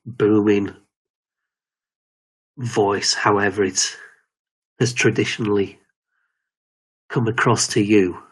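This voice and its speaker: A man giving a slow, measured self-help talk on quieting the inner critic, often restarting his sentences. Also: medium pitch, husky. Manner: measured, repetitive, with frequent restarts. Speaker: confidence coach.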